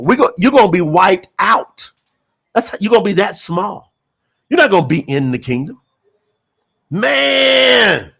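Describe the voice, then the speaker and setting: Fired-up high-voiced preacher man. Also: creaky, a bit bright. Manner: impassioned, emphatic, repeats phrases, addresses the congregation as y'all; reads scripture slowly, word by word. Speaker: preacher promoting a scripture translation. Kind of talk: fervent sermon with scripture reading.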